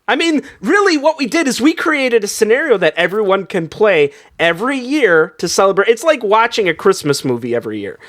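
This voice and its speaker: A man's voice: sits high, big pitch swings, fairly quick, hardly any pauses, a bit bright. A man in an improv comedy show, wrapping up a scene with an enthusiastic, rambling explanation. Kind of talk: casual comedy banter.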